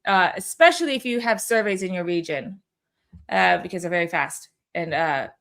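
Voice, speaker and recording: A woman's voice: on the low side, animated, moderate pace, gravelly, a bit bright. A woman hosting a weekly company call in a casual, upbeat, chatty way, with many fillers and restarts. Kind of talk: casual livestream chat.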